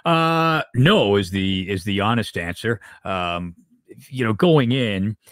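Deep raspy veteran broadcaster. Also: male voice, expressive, fairly bright tone, no echo, studio quality. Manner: measured, thoughtful storytelling with fillers. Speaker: guest, veteran hockey broadcaster. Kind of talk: casual interview talk.

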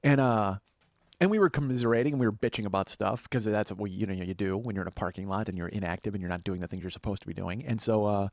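A man's voice: lowish voice, fast, vocal fry, a little mellow, no room sound. A man in his forties giving a rambling, profane, self-deprecating comic monologue as a podcast host. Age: 40s.

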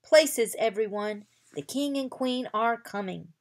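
A woman reading aloud as a calm, cautious old bearded wizard who teaches young dragon trainers. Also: medium pitch, a little slow.

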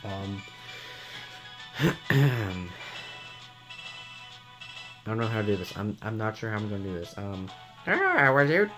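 A young man talking over a game playthrough from his room at night, keeping his voice half-hushed. He stammers, swears freely, and slips into reading lines from the game, with faint music under him. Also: on the low side, steady tone, measured pace, long pauses. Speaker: let's play commentator. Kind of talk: casual game commentary and voicing dialogue.

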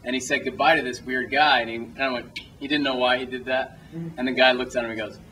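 Talking fast in a mid-range voice that's pushed and bright, with fairly even intonation, a young filmmaker answers questions at a screening Q&A for a small cinema audience. The recording is low quality, distant from the mic, with a little hiss or hum. He rambles through loose anecdotes, interrupts himself, restarts sentences and laughs frequently.

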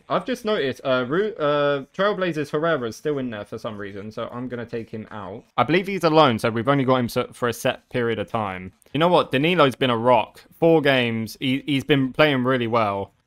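A young man giving live commentary over a football video game, swearing and reacting loudly. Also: medium pitch. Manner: excitable, swears often, shouts at big moments. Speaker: gaming video creator.

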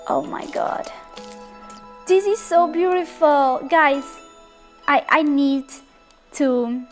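A young woman with a high voice, whose first language is Korean, talks through a life-sim game. She speaks slowly, with lots of ums and uhs, and gushes over every moment. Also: faint music behind. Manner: excitable, gushing, many fillers. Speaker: let's play host. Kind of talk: casual gameplay commentary.

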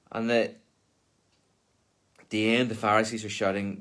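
A minister reading a Bible passage aloud for Lent, then explaining it in plain, conversational talk. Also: male voice, fairly low pitch, flat delivery, moderate pace, long pauses, fairly bright tone.

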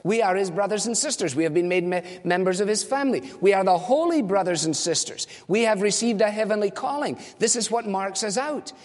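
A man's voice: sits high, brisk, hardly any pauses, long reverb tail. A man preaching a sermon as a pastor, earnest and direct, asking and answering rhetorical questions.

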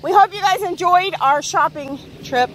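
A woman's voice: normal speed, fairly bright tone, a little hiss or hum. A woman vlogging a trip to a pet store, talking cheerfully to her dogs and her viewers. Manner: cheerful, fond, talks to her dogs in a high voice. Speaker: vlogger, dog owner. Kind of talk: casual pet vlog narration.

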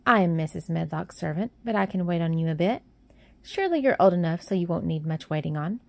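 A woman's voice: on the low side, animated, fairly quick, creaky, no room sound. A woman voicing a cheerful, plump young Yorkshire housemaid who talks in a friendly, plain-spoken way.

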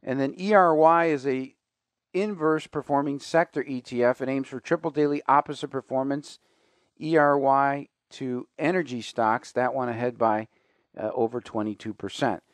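A man's voice: medium pitch, steady tone, moderate pace, no echo. A man hosting a finance radio show, talking casually and conversationally with fillers and asides.

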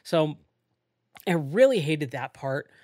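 A podcast host talks on their own in an easygoing, rambling way. They trail into fillers and restart their sentences often. The voice sits at a middle pitch, and the close mic sounds completely dry. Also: sing-song, takes it slowly, mellow, no echo. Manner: rambling, with frequent fillers and self-corrections. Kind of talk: casual solo podcast talk.

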